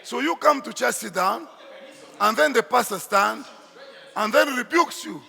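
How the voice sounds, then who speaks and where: Male pastor, bright gravelly voice, slow emphatic sermon delivery, echoey church hall. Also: very high voice, animated. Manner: emphatic preaching, shifts into Swahili asides.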